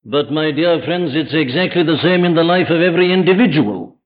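A man's voice: a little high, a little fast. A man preaching an evening sermon to a congregation, emphatic and full of rhetorical questions. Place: church before a congregation. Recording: dull lo-fi archive sermon recording.

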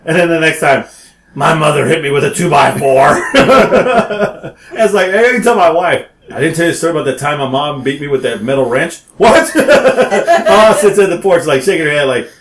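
A man telling childhood stories in casual chat, animated and laughing often as he acts out quotes. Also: fairly high pitch, moderate pace. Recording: roomy echo.

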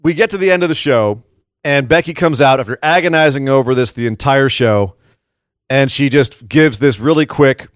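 Animated man recapping wrestling, dry mic. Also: medium pitch, brisk, no echo. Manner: animated, quotes wrestlers in put-on voices. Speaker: podcast co-host. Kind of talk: casual wrestling chat.

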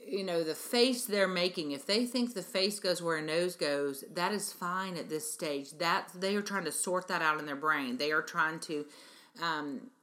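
A woman's voice: lowish voice, measured pace, pushed and bright. A middle-aged woman hosting a parenting talk show, speaking earnestly and emphatically to her listeners as an early-childhood educator. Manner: earnest, emphatic, addresses listeners as "you guys". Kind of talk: radio-style parenting talk monologue.

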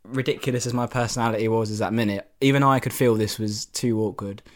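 A man's voice: lowish voice, quick pace. Laid-back young man telling stories. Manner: laid-back, swears, laughs often, animated when telling stories. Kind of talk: casual chat.

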